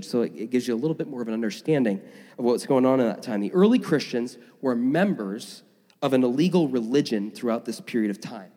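Energetic male pastor in a reverberant hall. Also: medium pitch. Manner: energetic, enthusiastic with filler words. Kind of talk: sermon. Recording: long reverb of a large room.

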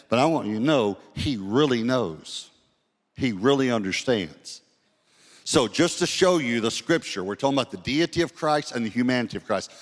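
Male pastor, sermon delivery, slows for scripture, large reverberant hall. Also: mid-range voice. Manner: storytelling, slows down to read scripture.

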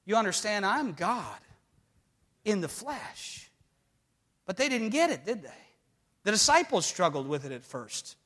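A man preaching a sermon with emphatic delivery that swings between hushed and loud. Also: high-pitched, big pitch swings, measured pace, long pauses. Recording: long hall reverb.

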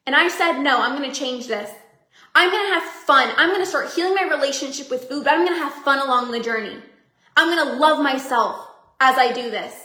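A woman coach and podcast host giving an energetic, upbeat motivational talk to her members, often laughing. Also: high-pitched, brisk, reverberant.

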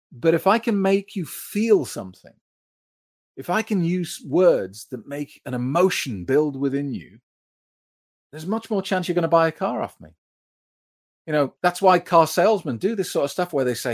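A man's voice: fairly high pitch, very animated, normal speed, dry recording, clean studio sound. A man hosting a live sobriety support stream, reading out viewer comments and answering them in a chatty way.

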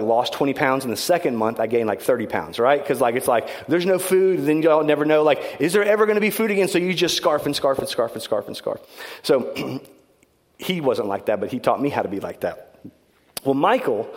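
A man preaching as pastor, telling stories in an animated, conversational and self-deprecating way. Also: mid-range voice, long reverb tail. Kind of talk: sermon storytelling.

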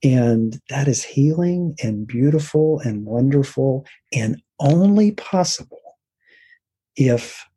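A man's voice: mid-range voice, expressive, slow, breathy edge. A middle-aged man, a therapist, speaking reflectively in a conversational interview, often checking in with "right?". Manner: reflective, warm-hearted, frequent "right?" and restarts.

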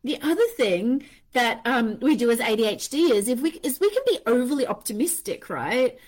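Chatty, high-voiced woman who swears a lot. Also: very animated, a little fast. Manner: chatty, swears freely, acts out her inner voices. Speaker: podcast host. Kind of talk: casual, candid monologue.

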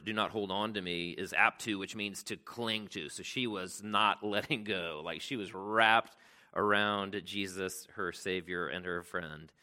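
A man's voice: lowish voice, pushed and bright. A man preaching a sermon in a conversational way, often asking "right?" and reading scripture aloud with extra emphasis. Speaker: pastor.

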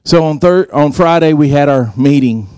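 A man's voice: normal speed, a little mellow, clear, resonant tone, dry recording, clean studio sound. A man giving a sermon, telling stories and acting out the dialogue. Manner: storytelling, acts out quoted dialogue in a higher voice. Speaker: preacher.

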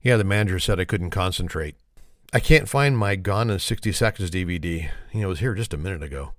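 A man's voice: sits low, animated, fast talker, a bit bright, dry recording, studio quality. Man giggling through his own dad jokes. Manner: self-deprecating. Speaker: joke teller. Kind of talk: deadpan one-liners.

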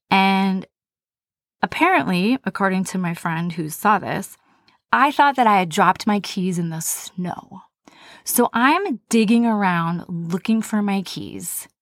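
A woman's voice: mid-range voice, no room sound, clean studio sound. A woman hosting a podcast, telling a personal story in a candid, conversational, self-deprecating way. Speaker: podcast host.

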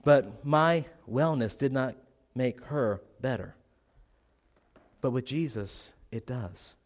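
A man's voice: medium pitch, a little mellow. A man preaching a sermon as pastor, earnest, with repeated phrases and rhetorical questions, still a little congested. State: slightly congested.

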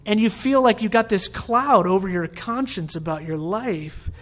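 A man's voice: high voice, moderate pace, fairly bright tone. A middle-aged man preaching a sermon in a conversational, storytelling way. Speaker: pastor.

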